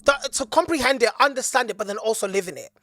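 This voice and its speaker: Woman podcast host, slightly high voice, fervent and preachy, dry close sound. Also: fast talker, dry recording. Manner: emphatic, preachy and excitable. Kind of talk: casual chat.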